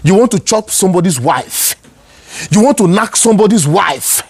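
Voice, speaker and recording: A man's voice: sits high, animated, moderate pace, a little mellow, slightly rough. A man with a Nigerian accent giving heated, angry political commentary, ranting and repeating himself. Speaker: online news commentator.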